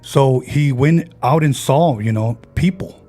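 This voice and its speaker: Husky man retelling a ghost story. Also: medium pitch, slow, dark tone. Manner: retells a friend's ghost story, acting out quoted voices. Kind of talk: casual storytelling.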